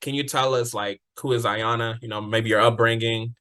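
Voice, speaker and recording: A man's voice: mid-range voice, steady tone, moderate pace, sharp tone. A man hosting a podcast, interviewing a guest in an easygoing, encouraging way. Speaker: podcast host. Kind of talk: casual interview.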